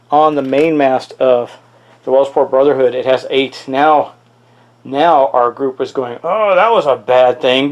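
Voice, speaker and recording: A man's voice: a little high, a little mellow. A man hosting a solo tabletop game playthrough, thinking aloud and exclaiming at dice rolls. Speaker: host playing a tabletop miniatures game.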